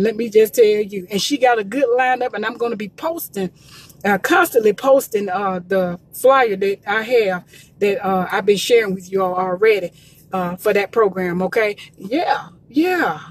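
A woman's voice: mid-range voice, normal speed. A woman from Georgia, promoting gospel quartet music in an emphatic, repetitive, preachy live talk from her phone. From Columbus, Georgia. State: emotional, near tears. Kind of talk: live social media talk. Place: in a car by the road.

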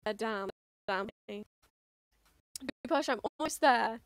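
A woman streams a game in a playful, chatty way, coaxing the creatures on screen. Her voice sits a little high and she talks at an unhurried pace. The mic is close and dry, with faint music underneath. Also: creaky, no echo. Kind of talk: casual gameplay streaming.

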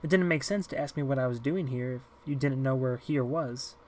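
A man voicing a timid eight-year-old girl who talks softly and quietly in an audiobook reading. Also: medium pitch, moderate pace, close to an everyday voice. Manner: soft and hushed.

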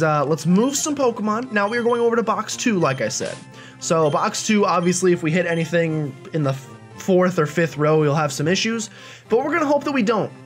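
A young man hosting a video game let's play in a chatty, self-deprecating, animated way. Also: on the high side. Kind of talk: casual game commentary.

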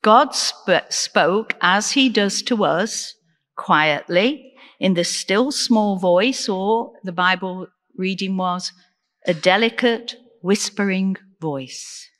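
Woman, deacon, sermon, unhurried delivery, earnest, church reverb trailing off. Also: mid-range voice, fairly bright tone. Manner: earnest, measured preaching with rhetorical questions. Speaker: deacon preaching.

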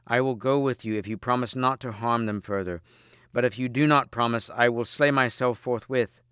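A man's voice: medium pitch, steady tone, normal speed, fairly bright tone, smooth, no echo, studio quality, natural voice. A man voicing a noble queen in a storybook reading, pleading earnestly.

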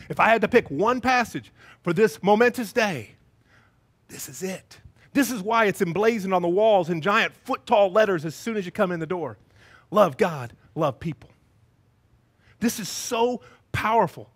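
A male pastor preaching a sermon, telling the story in an animated way and acting out the scenes. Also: high-pitched, a little slow, long pauses, husky.

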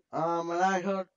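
A man's voice: high voice, lo-fi sound. A man playing a game and commenting on it, frustrated and swearing at enemies, recorded on a laptop mic. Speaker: gamer. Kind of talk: gameplay commentary.

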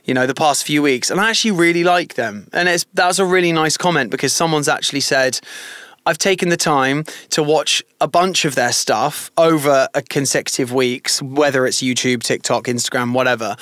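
A man's voice: on the high side, fairly quick, fairly bright tone, dry recording, studio quality. A young man co-hosting a casual podcast, talking earnestly and rambling a little with restarts. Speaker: podcast co-host. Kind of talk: casual chat.

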